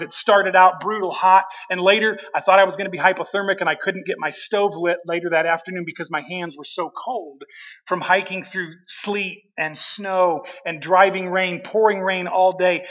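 High-voiced preacher in an echoing hall. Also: male voice. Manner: storytelling with dramatic pauses and emphasis. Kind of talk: sermon testimony. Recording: dull reverberant hall.

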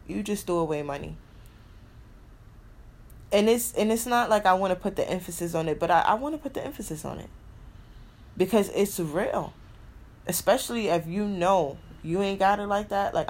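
A woman's voice: fairly low pitch, creaky, slight background noise. A woman hosting a podcast in a casual motivational monologue, emphatic, repeating her key phrases and swearing freely. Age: adult with a son. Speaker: podcast host.

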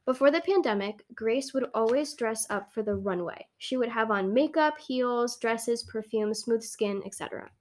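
A woman's voice: on the high side, normal speed, few pauses. A young woman co-hosting a casual podcast, reading posts aloud with a playful, giggly manner. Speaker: podcast co-host.

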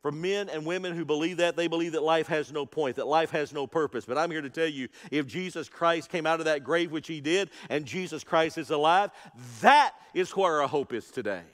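A man's voice: on the high side, fairly quick, few pauses, fairly bright tone, in a large hall. A male pastor preaching an Easter sermon, with rising and falling emphasis and calls out to the congregation. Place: church sanctuary.

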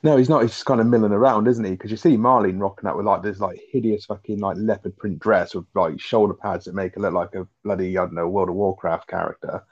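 Deep-voiced man, quick rambling chat. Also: fairly even intonation, slightly rough, lo-fi sound. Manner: rambling, filler-heavy, swears, asks tag questions. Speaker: podcast co-host. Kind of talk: casual chat.

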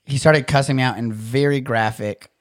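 A young man co-hosting a podcast, chatting casually and telling stories with animated asides. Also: mid-range voice. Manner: animated storyteller, quick asides. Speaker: podcast co-host. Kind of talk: casual chat.

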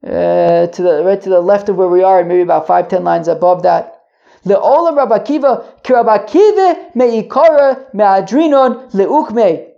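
A woman's voice: medium pitch, expressive, moderate pace, gravelly, warm tone. Woman, casual Talmud teacher, mid-range voice, muffled lo-fi sound; talks things through aloud, restarts sentences, asks the audience questions. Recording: dull lo-fi audio.

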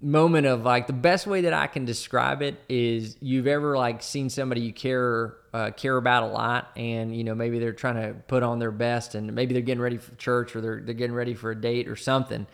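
A man's voice: medium pitch, steady tone, a little fast, vocal fry, few pauses, smooth. A man who once led a military team, telling a personal war story casually and rambling with lots of fillers. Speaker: former team leader in the military.

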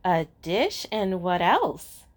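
A woman's voice: on the low side, big pitch swings, slow pace. A woman putting on a sly, teasing talking hat.

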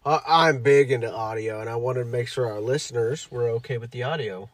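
Man, podcast co-host, casual crude banter, middle pitch, dry close-mic sound. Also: brisk, no echo. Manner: loose, laughing, crude joking. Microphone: studio microphone.

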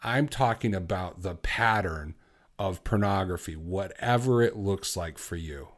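A man hosting a solo podcast, talking bluntly and exhorting his listeners, moving from quiet reflection to fervent conviction. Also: low-pitched, unhurried. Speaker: podcast host. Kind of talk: impassioned solo podcast talk.

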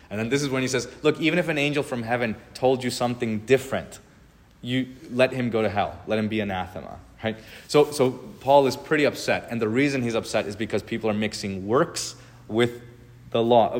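Conversational pastor preaching in a reverberant hall. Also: male voice, on the low side. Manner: conversational, animated, with filled pauses. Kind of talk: sermon. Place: church sanctuary.

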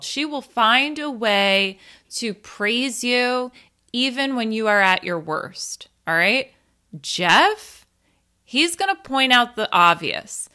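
A woman's voice: on the high side, sharp tone. A woman in her thirties telling a candid, funny family story in a casual monologue, swearing and laughing at herself. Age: 30s.

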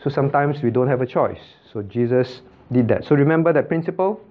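A male pastor teaching a Bible study, calling on students by name and repeating points with quick checks like "okay?" and "right?". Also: medium pitch, dull audio.

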